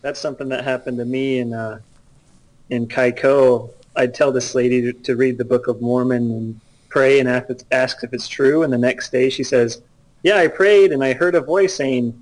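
A man's voice: medium pitch, flat delivery, moderate pace, low-quality recording. A man in casual conversation sharing a missionary anecdote with dry, joking remarks. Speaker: former missionary, conversation partner.

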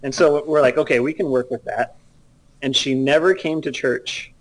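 A man's voice: mid-range voice, fairly even intonation, normal speed, poor audio. A man in casual conversation sharing a missionary anecdote with dry, joking remarks. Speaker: former missionary, conversation partner.

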